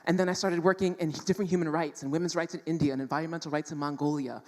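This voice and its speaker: A woman from New York City telling a personal story to an audience in a stage talk, animated and emphatic, laughing often. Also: low voice, very fast, big-room sound.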